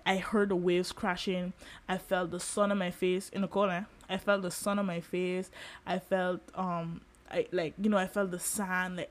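A young woman in her twenties hosting a podcast, talking candidly in a personal monologue, with lots of fillers and animated emphasis. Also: medium pitch. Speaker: podcast host.

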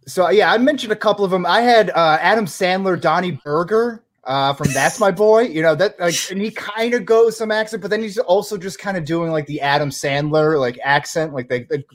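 A man's voice: sits high, a little fast, few pauses. A man co-hosting a podcast, easygoing and a bit hesitant, with lots of "uh" and "you know" in casual chat. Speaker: podcast co-host.

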